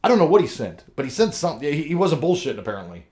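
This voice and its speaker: A man's voice: a little high, rapid-fire. A man, a show regular with kids, telling a rambling, swear-filled story in casual chat and acting out what people said. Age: adult with kids. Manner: profane, animated storyteller, acts out quotes. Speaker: podcast co-host.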